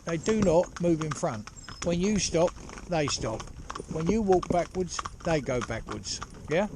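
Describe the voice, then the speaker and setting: A horse trainer talking casually outdoors while driving a pony cart, rambling and chatty with lots of "you know". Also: male voice, fairly high pitch, animated, unhurried. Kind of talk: casual spoken instruction while driving ponies. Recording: loud hoof clatter and outdoor noise.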